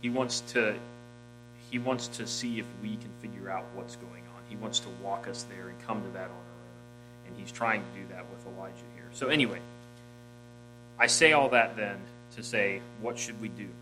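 Male pastor, lower voice, sermon delivery, big dynamic swings, music bed underneath. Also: steady tone, moderate pace, low-quality recording. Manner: reads scripture aloud, rising loud on key phrases, dropping soft for quiet lines.

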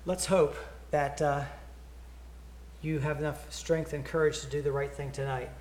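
Earnest preacher in echoey church. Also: male voice, on the high side, level tone, normal speed, darkish tone. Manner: earnest, repeats words, storytelling. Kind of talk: sermon invitation.

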